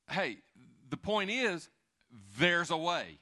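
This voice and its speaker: A middle-aged man preaching a sermon in a conversational, animated way, with asides and restarts. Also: on the high side, takes it slowly. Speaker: pastor.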